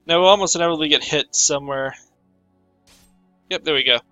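Man, let's play commentary, bright tone, slightly raised pitch, faint game music behind. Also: brisk, dry recording, rough recording. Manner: casual, offhand. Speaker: gamer.

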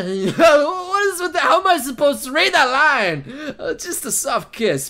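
A man giving excitable let's play commentary, laughing and swearing through his reactions. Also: very high voice, measured pace, few pauses. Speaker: gaming channel host.

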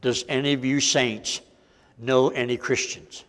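A man's voice: mid-range voice, level tone, unhurried. Preacher man in a reverberant church. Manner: folksy preaching, swinging between loud and hushed. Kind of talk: sermon.

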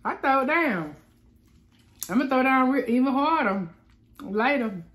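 Woman, eating-show host, relaxed chatty delivery, fairly high voice, talks to viewers, home man cave. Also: unhurried. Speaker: mukbang host. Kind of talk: casual eating-show chat.

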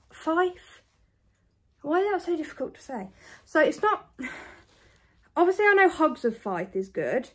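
Woman from the uk rambling about her charity shop haul, quick, lots of ums and likes, kinda out of breath. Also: sits high. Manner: chatty and self-deprecating, talks fast with many ums and likes. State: a bit out of breath. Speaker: reseller vlogger. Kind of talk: casual haul chat to camera.

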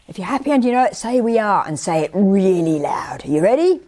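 A woman's voice: medium pitch, sing-song, fairly quick, mellow. A woman presenting a children's storytime, singing along and reading a picture book with dramatic whispers. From Australia.

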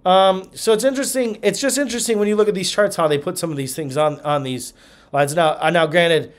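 Slightly high-voiced man teaching from charts. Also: a little fast. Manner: thinking aloud, with frequent ums, restarts and check-ins like "okay?". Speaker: Bible teacher. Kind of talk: lecture walking through charts.

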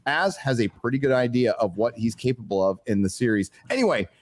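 A man hosting a live stream, reading out donations and chatting in a joking, swearing, animated way. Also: medium pitch, brisk. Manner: animated, joking, swearing, reads superchats aloud. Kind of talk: casual live-stream chat.

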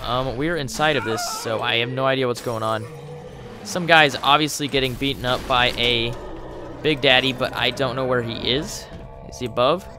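A man giving casual let's play commentary, excitable and quick with exclamations as he plays. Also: mid-range voice. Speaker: gamer. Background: game music.

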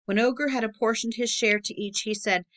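A woman narrating a public-domain book aloud in a steady, measured reading. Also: a little high. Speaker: audiobook narrator.

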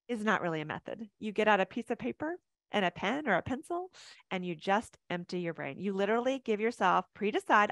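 Woman, 50s, mindset coach; chatty, animated webinar delivery, dry close sound. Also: mid-range voice, no room sound. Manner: animated, chatty, laughs easily.

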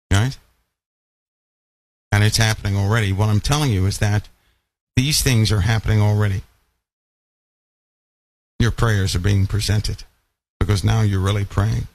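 A man with a fairly low voice preaching a sermon. He talks emphatically, keeps asking his listeners whether they see his point, and slows down and softens his voice on the lines he wants to land. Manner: emphatic, asks the audience questions often.

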